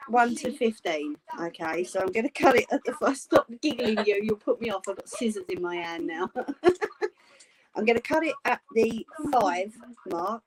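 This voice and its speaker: Chatty British woman, lively pitch. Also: a little hiss or hum, rough recording. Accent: British English. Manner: chatty, laughing, teasing banter with family off camera. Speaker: craft channel host. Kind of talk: live-stream craft tutorial chat. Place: home craft room.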